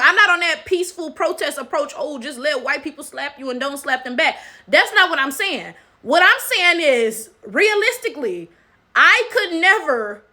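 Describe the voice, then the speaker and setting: Bright high-voiced woman, emphatic commentary. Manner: emphatic, repeats "right?" as tag question. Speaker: commentary channel host. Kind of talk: casual commentary monologue.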